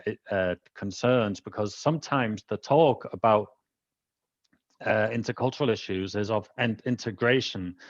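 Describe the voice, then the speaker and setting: A man's voice: fairly low pitch, no echo. A man hosting a casual conversation, rambling with many fillers over dull video-call audio. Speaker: host.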